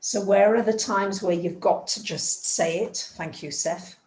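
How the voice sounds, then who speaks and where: Woman astrologer, chatty storyteller, medium pitch, echoey room. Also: a little slow, a little mellow. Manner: chatty storytelling, acts out dialogue. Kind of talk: casual spoken astrology talk.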